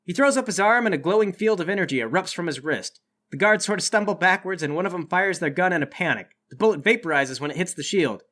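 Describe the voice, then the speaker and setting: Lively, bright-voiced male game master. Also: high-pitched, fast talker. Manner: animated, playful narration. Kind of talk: narrating a tabletop game.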